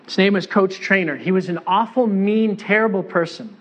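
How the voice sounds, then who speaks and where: High-voiced, joking man preaching a sermon. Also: normal speed, lo-fi sound. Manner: conversational, joking, asks the congregation questions. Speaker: pastor. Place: church sanctuary with congregation.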